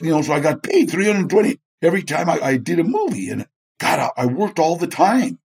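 Speaking a little fast, a man with a fairly high, slightly mellow voice and a breathy edge sounds very animated. As a guest in a chat interview, he tells stories, acts out the people he quotes, and laughs often.

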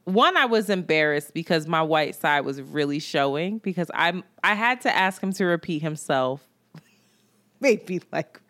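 Animated woman telling a dating story. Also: low-pitched, unhurried. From New York. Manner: animated, laughing storyteller, quotes people in voices. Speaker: podcast co-host. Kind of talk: casual chat, storytelling.

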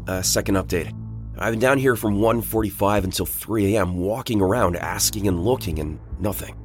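Guy w a really low voice telling a creepy first-person story, chatty and blunt, soft music under it. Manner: casual, conversational storytelling with blunt profanity. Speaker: voice actor narrating a listener's story. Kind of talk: scripted first-person horror narration.

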